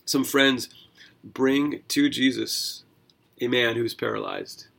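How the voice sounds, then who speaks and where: A man's voice: medium pitch, takes it slowly, vocal fry, fairly bright tone. A man hosting a devotional Bible podcast, talking in an earnest, conversational way with asides and self-corrections. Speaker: podcast host.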